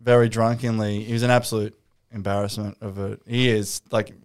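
A man's voice: fairly low pitch, level tone, a little fast, clear, resonant tone. A young Australian man telling rambling anecdotes full of fillers in a casual podcast chat.

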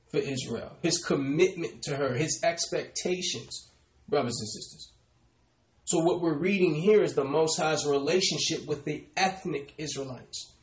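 A man preaching a sermon, calling out "brothers and sisters" and slowing down to stress key words. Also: on the high side, reverberant. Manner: addresses "brothers and sisters" often, trailing off softly. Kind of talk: sermon with scripture call-and-response.

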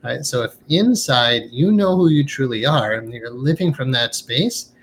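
Guy talking earnestly in an interview, mid pitch, little hiss behind, keeps asking right?. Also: lively intonation, normal speed, fairly bright tone. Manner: earnest, reflective, often ends with "right?". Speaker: guest, hypnotherapist. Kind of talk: conversational interview.

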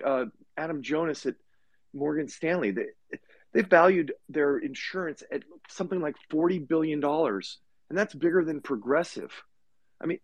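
A man speaking as a market commentator on a casual panel, animated, his voice leaping upward when he stresses a point, with many hesitations. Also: on the high side, no room sound.

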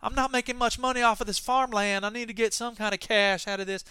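A man's voice: high-pitched, steady tone, fast, sharp tone, clear, resonant tone, no room sound. A man putting on a Southern US accent to play a fussy, easily flustered Southern landowner, drawling in an exaggerated folksy way. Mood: fretful.

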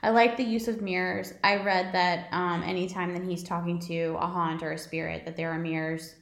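A woman's voice: on the low side, little pitch movement, normal speed, vocal fry. A woman co-hosting a podcast, chatting casually and rambling about movies, swearing now and then. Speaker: podcast co-host. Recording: roomy echo.

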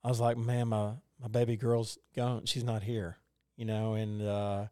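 Rambling man, smooth voice. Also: on the low side, little pitch movement, unhurried, a little mellow, dry recording, studio quality. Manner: rambling, many fillers and restarts. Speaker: podcast co-host. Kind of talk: casual conversational storytelling.

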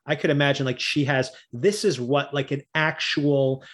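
Male podcast co-host, mid-pitched, casual recap chat, rambling and quick to laugh. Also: fairly even intonation, fairly bright tone. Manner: rambling, laughs often, many restarts.

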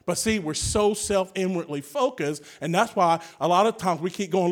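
A man preaching a sermon in a church, telling funny stories and breaking into shouts. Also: sits high, normal speed, hardly any pauses. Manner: humorous storytelling, bursts into shouts. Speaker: guest preacher. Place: church with a praise band.

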